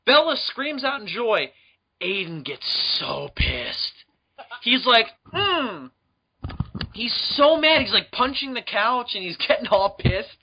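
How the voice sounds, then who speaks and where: Bright-voiced man telling a rambling story. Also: high voice, big pitch swings, unhurried, rough recording. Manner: rambling, swears freely, many ums. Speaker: podcast co-host. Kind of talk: casual storytelling chat.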